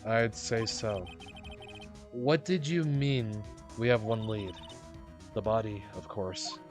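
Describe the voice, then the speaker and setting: A man doing a calm, low-voiced mentor woman. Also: faint music behind. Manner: low, measured, quiet. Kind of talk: game dialogue read aloud.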